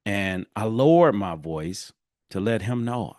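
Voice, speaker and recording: A man hosting a solo podcast, telling a personal story with animated swings and quiet, low drops for emphasis. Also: unhurried, dry recording, studio quality. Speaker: podcast host.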